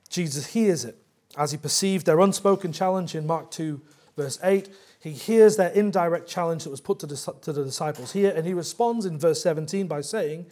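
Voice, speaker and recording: A man's voice: a little high, normal speed, a little mellow. A man preaching a sermon as pastor, explaining scripture verse by verse with earnest emphasis.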